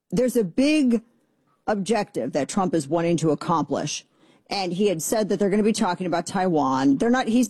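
A middle-aged woman hosting a political talk radio show, sarcastic and exasperated with quick asides. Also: mid-range voice, a little mellow, slightly rough, dry recording.

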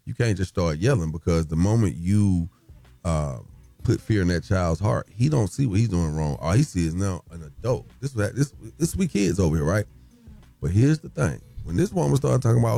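A man's voice: fairly low pitch, brisk, vocal fry, dry recording, soft background music. A man hosting a morning radio talk show, talking casually and animatedly, acting out voices as he makes his points. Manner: animated, acts out yelling in quotes.

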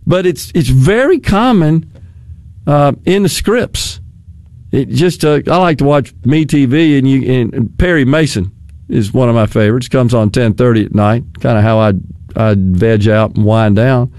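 In a casual chat, an older man with a Southern American accent meanders along, often chuckling and letting his thoughts trail off unfinished. His mid-range voice is a little mellow and moves at normal speed, recorded dry.

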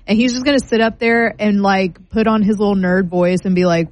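A woman's voice: mid-range voice, steady tone, fairly quick, a little mellow, rough recording. A woman co-hosting a sports talk show, talking in an exasperated, sardonic way and rattling off stats.

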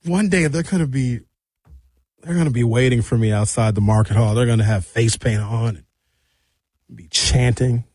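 A man from Milwaukee, hosting a comedy radio show. He rambles and jumps animatedly between high and low pitch. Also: normal speed, darkish tone, husky, no room sound, studio quality. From Milwaukee, USA. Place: radio studio.

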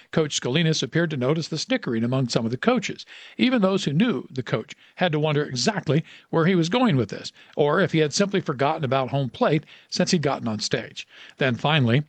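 A man reading a story in a measured, reflective way as narrator. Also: a little high, expressive, no room sound. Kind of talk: scripted narration.

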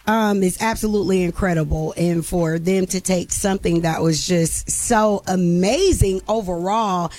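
A woman's voice: on the low side, normal speed, few pauses, a little mellow. A woman hosting a radio show, chatting casually about entertainment news with many fillers.

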